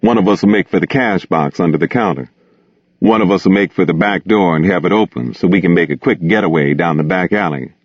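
A man's voice: deep voice, fairly quick, no room sound. A man reading the lines of a blunt, slangy young man who taunts and pushes his friends. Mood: persuading. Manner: blunt, slangy, clipped dialect. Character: young man, streetwise, restless and scornful. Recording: dull lo-fi dry recording.

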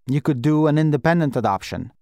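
A man voicing a frank, businesslike immigration lawyer who lays out options in a steady, matter-of-fact way. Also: fairly high pitch, fast, no room sound.

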